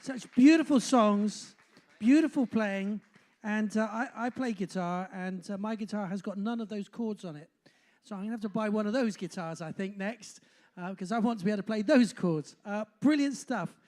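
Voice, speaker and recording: Fairly quick and a touch mellow, a medium-pitched voice belongs to a Bristol compere in their sixties with a faint local accent. Doing stage banter at a pub function room music night, this host wanders from point to point, jokes at their own expense and peppers everything with "uh"s.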